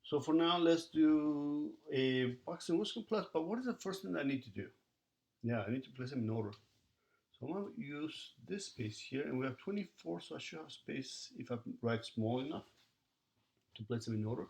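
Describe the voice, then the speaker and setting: Gravelly-voiced male math teacher. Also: fairly high pitch, animated, moderate pace, a little mellow. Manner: talks to students while working through problems, counting numbers aloud. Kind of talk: recorded video lesson.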